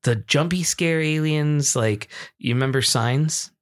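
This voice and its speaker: A young man co-hosting a casual podcast, telling a story in a loose, swearing, animated way and acting out the people in it. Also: fairly high pitch, a little slow. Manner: animated, swearing, acts out screams and quotes. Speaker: podcast co-host.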